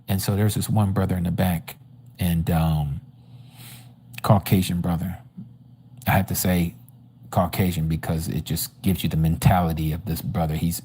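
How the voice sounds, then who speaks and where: Over a livestream microphone, a Bible study teacher gives his personal testimony at a religious study, telling the story animatedly and acting out the dialogue. His voice sits low and is mellow and slightly rough, with a flat delivery, moderate pace, and frequent pauses.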